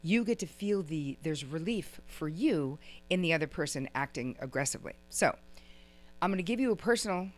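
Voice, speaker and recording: Low-voiced woman teaching a workshop. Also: normal speed. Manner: lively, acts out little quoted exchanges; chatty, uses "like" and "right?" often. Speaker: relationship teacher. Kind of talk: workshop lecture to a live audience.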